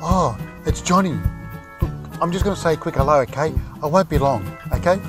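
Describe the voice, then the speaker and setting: An actor playing a cheerful single dad in a comedy sketch, talking in a lively, chatty way. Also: male voice, fairly high pitch, fairly quick, natural voice. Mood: cheery. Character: cheerful single dad minding his kids. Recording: music playing under the voice.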